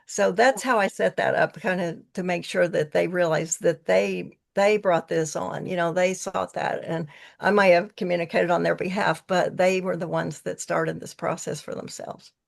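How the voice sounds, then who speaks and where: Female guest, earnest rambling storyteller with a gravelly, creaky edge. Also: fairly low pitch, steady tone, normal speed. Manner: earnest, rambling, with frequent restarts. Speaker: podcast guest, tea leaf reader. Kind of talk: casual storytelling conversation.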